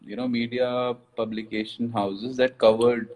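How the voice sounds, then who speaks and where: A man's voice: mid-range voice, little pitch movement, measured pace, darkish tone, a little hiss or hum, rough recording. Hesitant Indian man hosting a chat. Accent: Indian English. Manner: hesitant, many uh fillers. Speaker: host. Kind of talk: casual live-stream interview.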